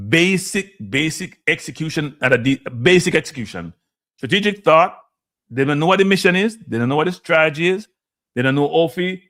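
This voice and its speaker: A man's voice: fairly high pitch, fairly bright tone. A man with a Jamaican accent, hosting a live stream and ranting heatedly, switching between standard English and patois. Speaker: host. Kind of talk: impassioned live-stream rant.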